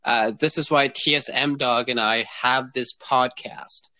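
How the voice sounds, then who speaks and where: A man's voice: mid-range voice, fairly even intonation, unhurried, pushed and bright, dry recording, low-quality recording. A man in his twenties hosting a casual podcast. He rambles with many fillers and keeps asking "you know what I mean". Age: 20s. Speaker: podcast host.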